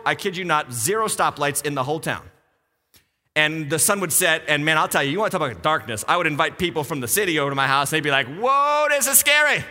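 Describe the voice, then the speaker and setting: High bright-voiced pastor guy from western mass, telling a story with lots of energy, big church echo. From western Massachusetts. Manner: animated storytelling, acting out the characters. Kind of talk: sermon. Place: church sanctuary. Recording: long hall reverb.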